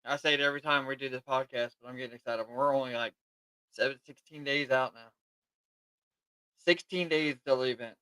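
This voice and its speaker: A man's voice: mid-range voice, steady tone, brisk, pauses often, bright, forceful tone, clear, resonant tone, dry recording, poor audio. A man hosting a live podcast in a chatty, eager way, admitting he's tired. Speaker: podcast host. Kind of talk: casual live podcast chat.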